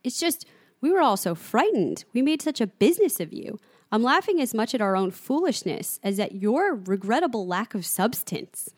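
A woman voicing a defiant old man who laughs off and mocks a tyrant, reading it out slowly. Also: mid-range voice, slightly rough, dry recording, clean studio sound. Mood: mocking.

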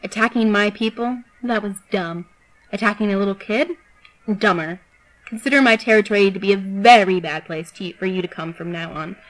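A woman reading a calm, menacing bug-controlling girl. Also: mid-range voice, moderate pace, lightly acted, poor audio. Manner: calm, level threats. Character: cold, menacing young woman who commands bugs.

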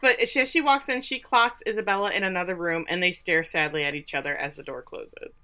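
Bright-voiced woman doing a sarcastic recap. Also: fairly low pitch, fast talker. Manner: sarcastic, incredulous asides. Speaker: podcast co-host. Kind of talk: casual TV recap chat.

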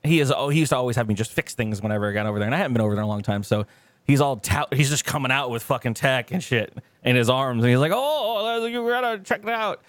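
A man's voice: medium pitch, very fast, dry recording. A man co-hosting a podcast, telling rambling, profane stories in casual chat. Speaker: podcast co-host.

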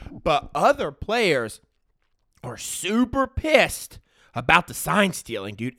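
A man's voice: high-pitched, no room sound, studio quality. A man giving a casual, opinionated sports-talk rant, full of slang and "right?" tags. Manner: animated, slangy, peppered with "right?" and "dude"; opinionated, ranting. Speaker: sports commentator.

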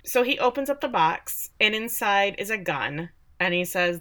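A woman from Texas co-hosting a podcast, giving a sarcastic, animated recap of a show and acting out the quotes. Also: medium pitch, normal speed. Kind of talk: casual chat.

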